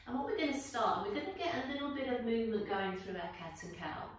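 A woman yoga teacher calmly talking students through a guided flow, with gentle encouraging cues. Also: fairly high pitch, quick pace. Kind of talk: guided yoga class instruction. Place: indoor room, teacher on her mat. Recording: echoey room, voice from a distance, faint background noise.

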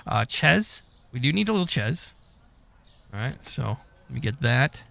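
A man's voice: medium pitch, very animated, a little slow, creaky, a bit bright, no echo. A man giving casual gameplay commentary, muttering to himself as he goes and swearing often. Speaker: gaming YouTuber.

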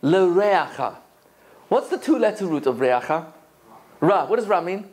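An English rabbi gives a lively lecture to an audience, posing many rhetorical questions. His voice is high-pitched, and he speaks at a measured pace.

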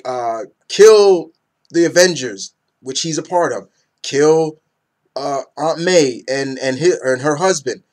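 A young man in a casual, rambling comic book review who gets excited and acts out characters' lines. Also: fairly high pitch, takes it slowly.

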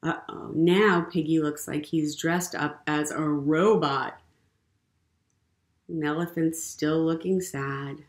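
Woman, children's librarian, storytime read-aloud, gentle and encouraging, unhurried, roomy echo. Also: low voice, steady tone. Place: public library program room.

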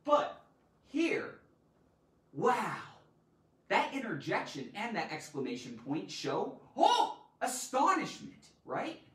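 Woman, grammar teacher, theatrical, slow unhurried delivery, echoey room. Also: mid-range voice, far from the mic. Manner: animated and theatrical, loud exclamations. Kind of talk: live online grammar lesson.

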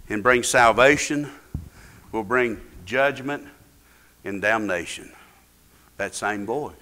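A man's voice: mid-range voice, sharp tone. A man preaching a sermon in an emphatic, rising and falling cadence. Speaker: pastor. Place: church.

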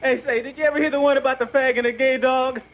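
An actor playing an eager biker man who rushes into telling a joke, on a tinny old film soundtrack. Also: extremely high pitch, fairly even intonation, noisy background.

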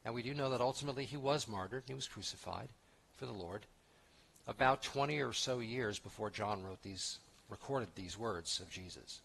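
A man's voice: mid-range voice, moderate pace, creaky, fairly bright tone, slightly rough. A man pastor giving an expository sermon in a conversational, emphatic way, with restarts and asides.

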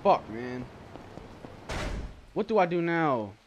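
A man's voice: a little high, sing-song, takes it slowly, muffled recording, a little hiss or hum. A young man cursing and ranting in exasperation while playing a game, in loose casual gameplay commentary. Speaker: gamer.

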